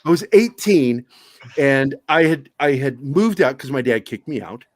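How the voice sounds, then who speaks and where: A man's voice: mid-range voice, expressive, unhurried, dry recording. A man guesting on a podcast, telling stories in a casual, profane, self-mocking way. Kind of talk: casual storytelling chat.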